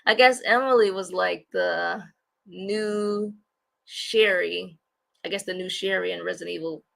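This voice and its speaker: Woman host for a casual live chat; slow, rambling delivery with a bright, gravelly voice. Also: lowish voice. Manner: rambling, repeats herself, addresses viewers as y'all. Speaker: livestream host.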